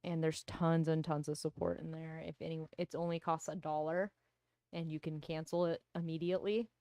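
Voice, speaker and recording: Female co-host, laid-back and chatty; lower pitch, dry close sound. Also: moderate pace, no echo. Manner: relaxed, chatty, many fillers. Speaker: podcast co-host. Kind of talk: casual live-stream banter.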